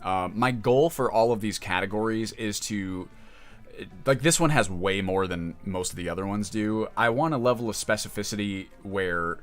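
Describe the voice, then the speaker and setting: A man's voice: lowish voice, normal speed. A man streaming live in casual chat, rambling and emotional, often breaking off mid-sentence. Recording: music playing in the background.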